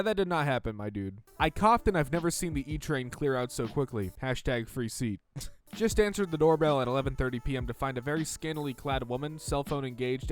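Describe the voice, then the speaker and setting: A man reading stories aloud and reacting with sarcastic, deadpan debunking. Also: medium pitch. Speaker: reader and commentator.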